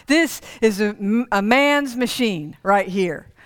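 A woman's voice: medium pitch, animated, slow pace, smooth. A woman voicing a proud male doctor who drives a sports car, boastful in a told joke.

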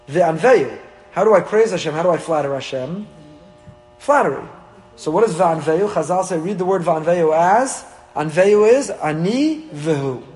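A man, a rabbi, teaching a weekly Torah class in an animated way, acting out little dialogues with humor. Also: sits high. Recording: long hall reverb.

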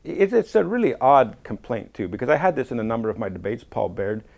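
Brief: male guest, emphatic and quick, gravelly edge. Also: mid-range voice, animated, darkish tone. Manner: emphatic, quotes people in acted voices. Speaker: guest apologist. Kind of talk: casual conversation.

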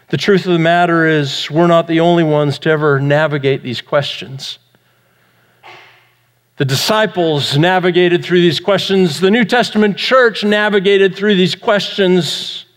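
A man with a high voice delivers an earnest Sunday sermon as the pastor. He keeps asking rhetorical questions as he preaches. His voice rings out with a long reverb, as in a church sanctuary.

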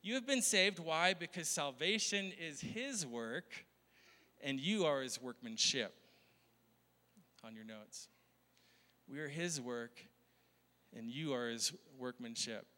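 A man's voice: medium pitch, animated, slow, long pauses, bright, forceful tone. A male pastor preaching a conversational sermon, often laughing and asking the crowd questions. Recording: long hall reverb.

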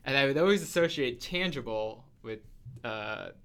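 A man's voice: mid-range voice, expressive, moderate pace, fairly bright tone, smooth. A man co-hosting a podcast in casual chat, rambling and searching for words with lots of fillers. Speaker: podcast co-host.

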